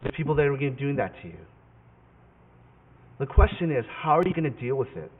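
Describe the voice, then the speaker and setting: A man's voice: mid-range voice, big pitch swings, fast talker, a little hiss or hum. A male pastor preaching a sermon in a conversational, emphatic way, often correcting himself mid-sentence. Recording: tinny phone-like sound with long hall reverb.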